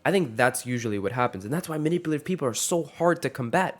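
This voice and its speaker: A man's voice: a little high, expressive, very fast, few pauses. A man in his twenties giving an earnest, rambling vlog rant to camera, with frequent restarts. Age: 20s. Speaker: vlogger.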